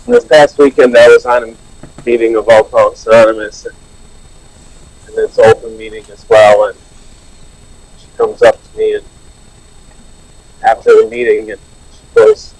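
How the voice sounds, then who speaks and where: A man's voice: on the low side, very animated, normal speed, pauses often, a little mellow, no echo, poor audio. A man earnestly sharing his recovery story at a support meeting, with many restarts. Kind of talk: personal recovery share. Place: online meeting.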